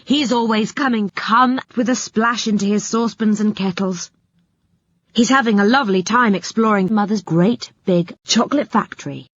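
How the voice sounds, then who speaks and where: A woman's voice: medium pitch, normal speed, dry recording, lightly acted. A woman voicing a chatty, cheerful young girl in a storybook reading. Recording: dull lo-fi audiobook recording.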